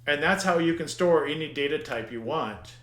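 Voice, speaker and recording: A man's voice: fairly high pitch, lively intonation, moderate pace, a bit bright, roomy sound. A man teaching a programming lesson over his screen, thinking aloud, muttering at the code and restarting his words. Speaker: programming instructor. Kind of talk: screen-recorded coding lesson.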